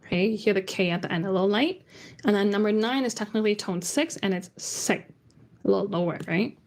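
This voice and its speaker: A woman teaching an online beginner lesson on Cantonese tones, chatty and loose, stretching out syllables to show how the pitch moves. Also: fast, darkish tone. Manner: chatty, demonstrates tones by singing them out.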